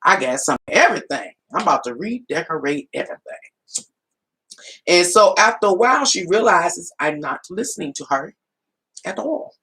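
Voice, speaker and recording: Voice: medium pitch, very animated, normal speed, a bit bright, low-quality recording. A tarot reader on a live stream telling a folksy, casual story, laughing often and talking to viewers as y'all. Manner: folksy, colloquial storytelling with quoted dialogue.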